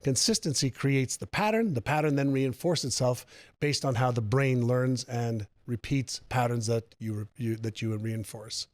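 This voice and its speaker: A man's voice: medium pitch, normal speed, no room sound. Dry-voiced man telling a story. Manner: animated storyteller, repeats phrases for emphasis. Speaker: guest author on personal growth. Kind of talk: conversational interview storytelling.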